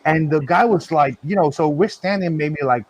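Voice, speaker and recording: A man hosting a casual podcast, telling stories in an animated, profane way with lots of fillers. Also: on the high side, normal speed. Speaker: podcast host. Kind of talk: casual storytelling chat.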